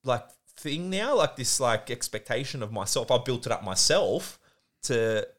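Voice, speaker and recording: An earnest young man shares a heartfelt story on a podcast, his voice sitting at a mid pitch. He talks casually, with plenty of filler words and restarts as he works through his feelings. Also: lively intonation, normal speed, a bit bright. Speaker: podcast co-host. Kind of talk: casual chat.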